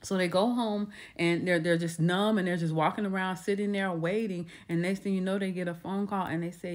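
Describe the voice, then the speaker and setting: A woman's voice: lowish voice, fairly even intonation, a little fast, few pauses. A woman retelling a true crime case in a casual, conversational way, restarting her sentences often. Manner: conversational, with frequent restarts and acted quotes.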